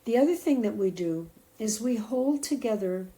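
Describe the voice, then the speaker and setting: A woman's voice: on the high side, lively intonation, moderate pace, warm tone, poor audio. A middle-aged woman patiently walking through an app's settings step by step, narrating a product demo. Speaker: app demonstrator. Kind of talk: scripted product walkthrough narration.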